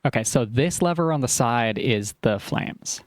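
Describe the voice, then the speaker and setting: Slow-talking streamer man thinking aloud. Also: medium pitch, animated, dry recording. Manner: thinking aloud, puzzling through problems; apologetic and self-aware. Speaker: game streamer. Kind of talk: live-stream commentary while playing.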